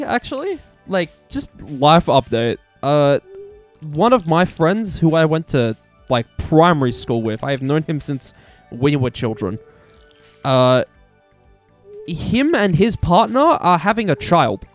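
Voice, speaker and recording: Excitable swearing young male streamer. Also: a little high. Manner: excitable, swearing, self-mocking jokes. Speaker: gaming streamer. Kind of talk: casual gameplay commentary.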